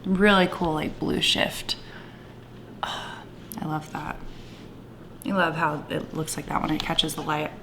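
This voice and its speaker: A woman talking through her makeup in a casual, gushing vlog, with a playful put-on Southern twang and soft whispered asides. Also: low voice, fairly even intonation, normal speed, few pauses, background noise. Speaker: beauty vlogger. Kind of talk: casual makeup tutorial chat.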